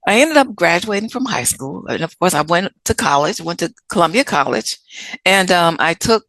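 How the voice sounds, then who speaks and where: Gravelly, animated woman telling stories. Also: fairly low pitch, normal speed, no room sound. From Chicago. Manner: animated, acts out quoted people. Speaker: guest. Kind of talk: storytelling interview answers.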